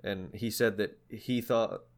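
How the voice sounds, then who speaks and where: A man's voice: lowish voice, steady tone, slow. Rambling young man in casual podcast chat. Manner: rambling, many fillers and restarts. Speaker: podcast co-host. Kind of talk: casual chat about music.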